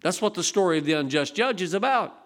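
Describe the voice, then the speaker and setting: A man's voice: high-pitched, lively intonation, quick pace, a bit bright. An older man preaching a sermon in a folksy, conversational way, asking the congregation rhetorical questions. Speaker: pastor.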